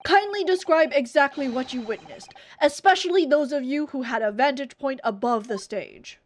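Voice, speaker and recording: A woman's voice: high-pitched, normal speed, lightly acted. A woman voicing a formal, authoritative male judge presiding over a court. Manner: formal, commanding.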